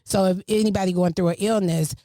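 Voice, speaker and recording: A middle-aged woman hosting a casual family podcast, telling a story with lively, swinging emphasis. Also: fast talker, dry recording, clean studio sound. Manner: animated, storytelling, swings pitch widely for emphasis. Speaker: podcast host.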